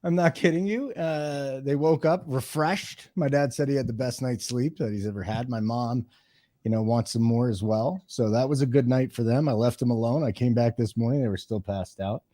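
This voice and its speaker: A man hosting a sports betting show, teasing his co-hosts in a dry, deadpan way. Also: mid-range voice, normal speed. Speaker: show host. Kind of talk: casual chat.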